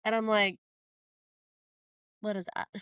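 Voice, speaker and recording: A woman co-hosting a podcast, telling a personal story in casual chat, animated and full of "like" fillers. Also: mid-range voice, takes it slowly, clean tone, dry recording. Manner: animated, quotes herself in lively voices; frequent fillers "like". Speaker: podcast co-host.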